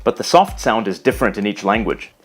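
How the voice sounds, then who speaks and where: A man narrating a scripted language lesson, explaining carefully and slowing down to pronounce example words. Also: lowish voice, lively intonation, breathy edge, faint music behind. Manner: measured, explanatory, slows to pronounce foreign words. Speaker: language teacher.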